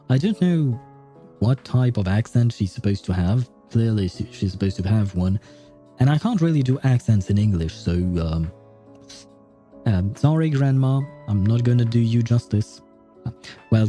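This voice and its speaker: A man's voice: fairly low pitch, mellow. A man giving casual, rambling commentary while playing a video game, laughing often. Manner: laughing, rambling, self-deprecating. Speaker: gaming streamer.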